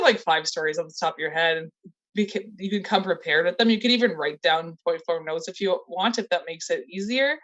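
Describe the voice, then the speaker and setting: A woman's voice: a little high, fairly bright tone, highs cut off. A woman leading a training session, enthusiastic and encouraging, chatty, with frequent "like" fillers. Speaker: college recruitment trainer. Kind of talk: upbeat training presentation. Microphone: video call.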